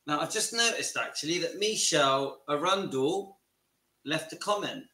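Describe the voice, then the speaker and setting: Bright man hosting a livestream, roomy. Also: a little high, expressive, moderate pace. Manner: brief asides to viewers. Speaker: livestream host reacting to a video. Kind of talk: casual live commentary. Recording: roomy echo.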